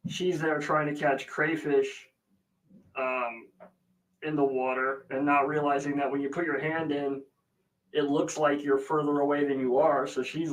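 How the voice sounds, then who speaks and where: A man's voice: a little high, rough recording. A man hosting a casual livestream who rambles through a family story and greets viewers by name. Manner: rambling, chatty storytelling with many fillers. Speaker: livestream host. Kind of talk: casual live chat.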